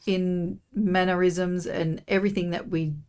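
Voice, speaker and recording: Middle-aged Australian woman, low-pitched, rambling chatty guest on a casual podcast. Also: little pitch movement, measured pace, smooth. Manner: warm, rambling, many "you know"s. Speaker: podcast guest, host's mother. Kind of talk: casual chat.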